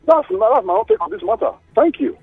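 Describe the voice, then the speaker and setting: A Nigerian man calling in to a radio show, animated and hesitant, repeating himself. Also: very high-pitched, quick pace, creaky, no room sound, faint music behind. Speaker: caller. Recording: tinny phone line.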